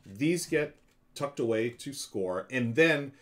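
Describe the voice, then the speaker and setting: A man's voice: medium pitch, lively intonation, slow pace, fairly bright tone. A man hosting a live stream, casually walking his chat through a board game's rules and moves, with many fillers. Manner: chatty, explains moves aloud to chat with frequent fillers.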